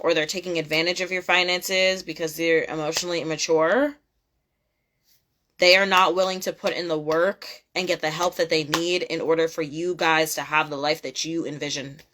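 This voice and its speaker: Young woman doing a tarot reading, kinda low voice, swears a lot, repeats herself to drive it home. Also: a bit bright, slight background noise. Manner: blunt, profane, emphatic and repetitive. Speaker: tarot reader.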